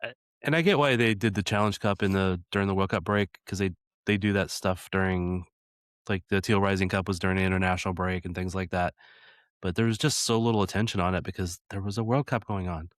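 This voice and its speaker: An American man with a fairly low voice co-hosts a soccer show in relaxed chat. He talks in a dry, matter-of-fact way. The sound is close and dry, with no room behind him. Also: fast talker, clean tone, no echo. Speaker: podcast co-host. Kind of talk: casual chat.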